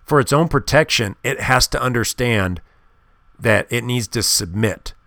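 A man's voice: mid-range voice, measured pace, creaky, sharp tone, no room sound. A man hosting a podcast, talking in an emphatic and insistent way as he gives advice on dog training. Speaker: podcast host. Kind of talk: casual monologue.

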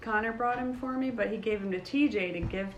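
A middle-aged woman co-hosting a casual podcast, telling animated stories about her grandson and acting out quotes. She laughs often. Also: fairly high pitch, a little fast. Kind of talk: casual chat. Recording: echoey room with faint noise.

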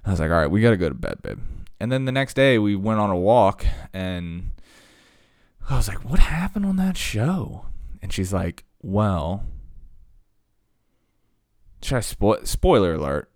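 A man's voice: sits low, big pitch swings, measured pace, pauses often, darkish tone, smooth, no echo, clean studio sound. A man talking casually, rambling through stories with lots of fillers and asides.

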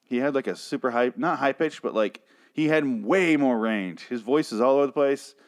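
A man's voice: medium pitch, moderate pace. Profane, ranting male TV reviewer. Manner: profane, exasperated, sarcastic. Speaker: TV episode reviewer.

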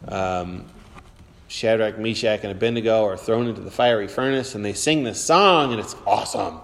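A man's voice: on the low side, moderate pace, fairly bright tone. A man leading an informal Bible class, chatty and rambling with lots of fillers. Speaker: church teacher. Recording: reverberant hall.

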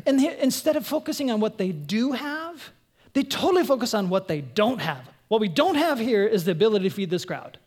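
A woman pastor preaching a conversational sermon, animated, asking her congregation questions and acting out voices. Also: a little fast. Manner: animated, acts out quoted voices in a higher pitch.

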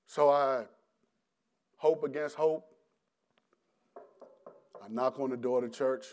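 A middle-aged man giving a personal testimony as a preacher, animated and halting, often restarting his words, acting out his past self and breaking into laughter. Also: mid-range voice, slight background noise.

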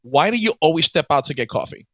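Man, podcast co-host, lively swooping pitch, bright edge, dull lo-fi sound, dry. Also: fast talker, dry recording. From Florida. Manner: animated, laughs easily, teasing questions. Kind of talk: casual chat.

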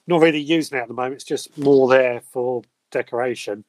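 A man's voice: mid-range voice, fairly quick, darkish tone, no room sound. A middle-aged British man chatting casually as co-host, easygoing and a little hesitant. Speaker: co-host and guest. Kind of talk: casual chat. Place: home room with grow lights. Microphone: webcam or phone mic.

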